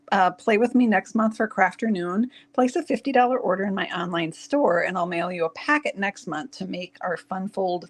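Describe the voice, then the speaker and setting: A woman's voice: on the low side, gravelly. Woman, craft channel host; casual tutorial, chatty and laughing, speaks straight to her viewers. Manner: chatty, giggly, talks to viewers.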